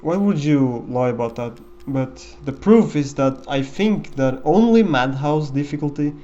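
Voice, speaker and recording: A man's voice: mid-range voice, expressive, unhurried, dark tone, muffled recording. A man giving casual, rambling commentary over a game run, with many fillers and restarts. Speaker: gameplay commentator.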